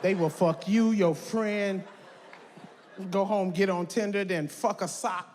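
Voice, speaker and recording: A woman, doing stand-up and shouting brashly at the audience. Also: medium pitch, takes it slowly. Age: 50s. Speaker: stand-up comedian. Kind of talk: stand-up comedy. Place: large live comedy venue. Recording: echoey hall, roaring live crowd, noisy.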